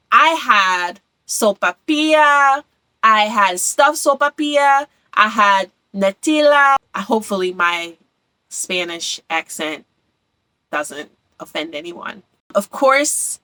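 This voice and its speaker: A woman's voice: medium pitch, fairly bright tone, no echo, poor audio. A young woman from Philadelphia chatting casually and enthusiastically about her travels, repeating words for emphasis. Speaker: travel vlogger.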